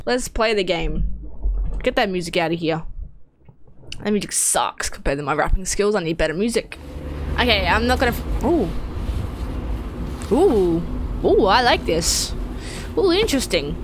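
A woman's voice: medium pitch, big pitch swings, moderate pace, pauses often, music in the background. A young woman streaming a horror game, jumpy and swearing, with nervous laughs and startled shrieks. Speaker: gaming streamer. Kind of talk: horror game let's play commentary.

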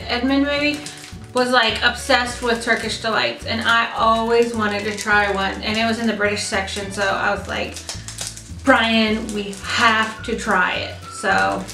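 A woman's voice: on the high side, bright, forceful tone. A young woman vlogging, chatting expressively and squeamishly while taste-testing snacks. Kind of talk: casual snack taste-test chat. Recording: echoey room with light music.

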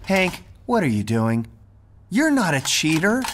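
A woman's voice: deep voice, very animated, measured pace, very noisy. A woman voicing a loyal, earnest teen friend who speaks emphatically.

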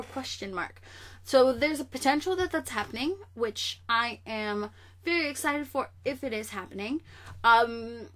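Facing the camera, a young female vlogger chats about comic news with animated sass, her voice fairly high-pitched and her tone casual.

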